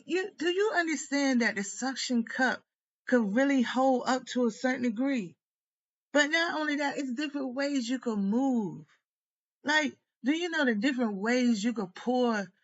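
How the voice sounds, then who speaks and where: A woman's voice: high voice, normal speed, highs cut off. A woman tarot reader delivering a heated, profane, rambling rant straight to camera. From United States. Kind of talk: venting monologue to camera.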